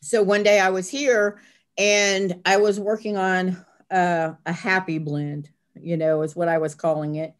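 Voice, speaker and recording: An older woman, a grandmother, chatting as a guest in an interview and telling a family story in a casual, animated way. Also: a little slow. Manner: chatty, acts out family quotes with lively pitch jumps. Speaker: guest, herbal blend maker.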